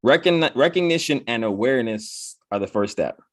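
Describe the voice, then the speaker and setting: A man's voice: mid-range voice, lively intonation, a little fast, no room sound, clean studio sound. Man who keeps asking "right?". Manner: repeats "right?" after nearly every point; acts out his own inner voice in quotes. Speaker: motivational speaker. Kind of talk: casual motivational talk.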